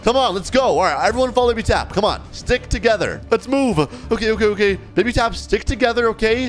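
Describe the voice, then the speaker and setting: An excitable young man, high-pitched and very lively, gives role-play gameplay commentary over a desk mic. He jokes, reads the chat aloud and yelps when something startles him, with faint music behind him. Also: normal speed, few pauses. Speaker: gaming YouTuber.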